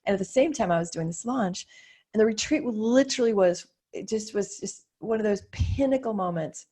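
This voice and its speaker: A woman's voice: mid-range voice, brisk, warm tone, breathy edge. A woman business coach, a guest, telling her own ups and downs frankly and with animation, voicing her own inner thoughts as she goes. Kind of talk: candid conversational storytelling.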